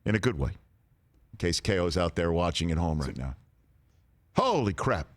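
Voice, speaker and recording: A middle-aged man hosting a sports radio talk show, telling stories with lively quoted voices. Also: sits low, normal speed. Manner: animated storytelling with quoted voices.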